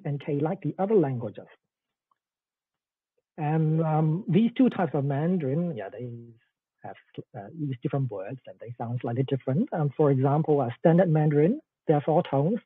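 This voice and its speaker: A man's voice: a little high, breathy edge, no echo. A man giving an online academic lecture, explaining with frequent "okay"s and fillers over a video call. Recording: tinny, dry phone-like call audio.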